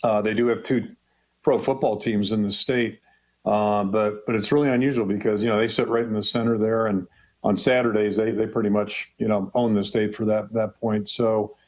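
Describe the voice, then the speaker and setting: Man, 60s, head football coach, low voice, dull lo-fi radio sound, rambling folksy talk. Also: little pitch movement, normal speed. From Western Pennsylvania. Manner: rambling, folksy, with many fillers and restarts. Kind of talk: casual radio call-in chat.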